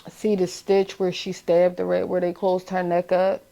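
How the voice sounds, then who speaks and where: A middle-aged woman with a Philadelphia accent, a bereaved mother giving a halting, emotional account in a documentary interview, with many restarts. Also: fairly low pitch, monotone, creaky, dark tone.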